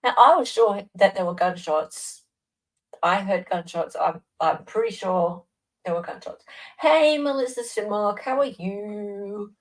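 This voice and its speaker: A woman's voice: mid-range voice, a little slow, poor audio. Chatty Australian woman live-streaming. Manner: chatty, answers viewer comments by name. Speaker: livestream host. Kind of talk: casual live-stream chat.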